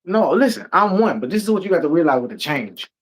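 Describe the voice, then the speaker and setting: A man's voice: on the high side, fast, crowd noise. A man co-hosting a casual talk show, ranting emphatically and swearing a lot. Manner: emphatic, profane, animated ranting. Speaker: podcast co-host. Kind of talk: heated casual discussion.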